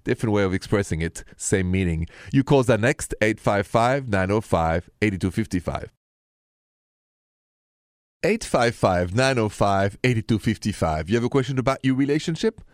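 A man's voice: lowish voice, lively intonation, normal speed, hardly any pauses, no room sound, clean studio sound. A man, hosting a call-in radio advice show, explaining things and teasing what comes next. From France. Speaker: radio relationship advice host.

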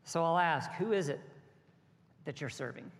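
Man preaching in a reverberant hall. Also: normal speed. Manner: builds from soft, low asides to raised, rhythmic exhortation. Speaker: pastor. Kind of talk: sermon. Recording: long hall reverb with soft music behind.

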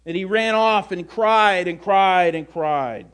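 Male preacher, storytelling sermon, conversational, animated, fairly high voice. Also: slow pace, clear, resonant tone.

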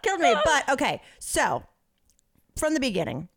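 A woman co-hosting a podcast in casual chat, telling an animated story and acting out the people in it. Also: high voice, normal speed, gravelly, no room sound, clean studio sound. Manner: animated storyteller who acts out quoted people. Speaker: podcast co-host.

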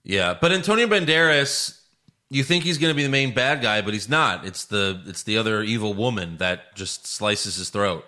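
Male podcast co-host, bright tone, animated casual chatter. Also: fairly low pitch. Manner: animated, acts out scenes in quick quotes. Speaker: podcast co-host reviewing a movie. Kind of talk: casual chat.

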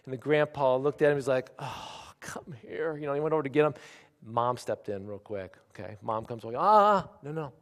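A man in his forties preaches to a congregation with a mid-range voice. He drops to near-whispers for intimate asides, then builds to loud, emphatic declarations. His voice rings out with the long reverb of a large hall. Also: medium pitch, quick pace. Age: 40s. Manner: animated preaching, swinging from quiet asides to loud emphatic lines. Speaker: pastor. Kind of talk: sermon.

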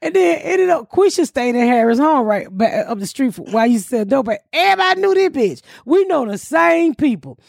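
Gravelly, lively woman storyteller. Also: sits high, fairly quick, hardly any pauses, dry recording, studio quality. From Atlanta. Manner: profane, animated storytelling with loud acted-out quotes. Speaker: podcast host. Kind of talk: casual storytelling chat.

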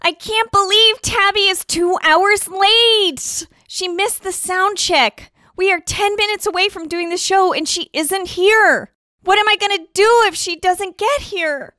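Casting: a woman as a frazzled female band leader, very high, bright and bossy, in a stage play. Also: measured pace, no room sound, studio quality, full character voice. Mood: exasperated. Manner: exasperated, bossy.

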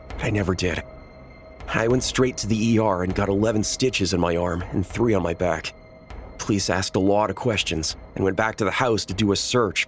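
A man narrating a first-person horror story in a measured, tense storytelling manner. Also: on the low side.

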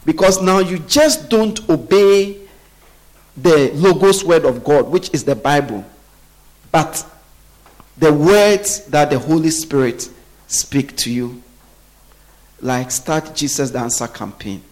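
A man preaching a sermon, often pausing so the congregation can finish his sentences. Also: mid-range voice, darkish tone. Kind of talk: sermon with call-and-response.

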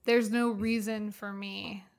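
A woman's voice: mid-range voice, little pitch movement, slow pace. A young woman co-hosting a podcast, chatting casually with lots of "like". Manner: chatty, lots of "like", laughs easily. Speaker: podcast co-host. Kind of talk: casual chat.

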